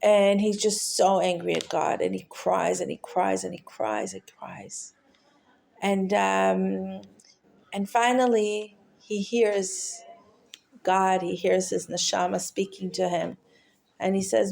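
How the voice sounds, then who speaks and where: A woman telling a heartfelt teaching story, halting often with fillers and restarts. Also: medium pitch, fairly even intonation, gravelly, a little mellow. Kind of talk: storytelling talk.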